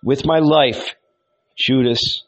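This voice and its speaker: A man's voice: mid-range voice, fairly even intonation, slow pace, lo-fi sound, slight background noise, lightly acted. A man reading aloud, voicing a troubled young man who speaks with bitterness and fear. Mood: contrite. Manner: contrite, bitter, subdued. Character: contrite troubled young man, quiet and fearful.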